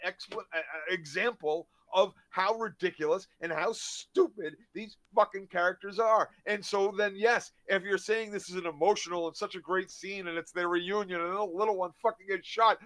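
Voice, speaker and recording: A man's voice: high-pitched, steady tone, moderate pace, few pauses, sharp tone, no echo. A man co-hosting a casual review chat, ranting heatedly and swearing a lot. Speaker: co-host.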